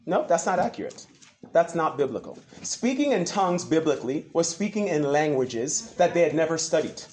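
A man preaching a sermon, asking questions back to his congregation in an animated way. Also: a little high, moderate pace, slight background noise. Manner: animated, call-and-response with the congregation. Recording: echoey room.

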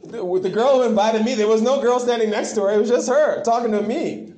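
Male preacher with a high, lively voice, impassioned and repetitive, recorded in a roomy hall. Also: fast. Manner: impassioned, repetitive, animated storytelling. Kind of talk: sermon. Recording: echoey room.

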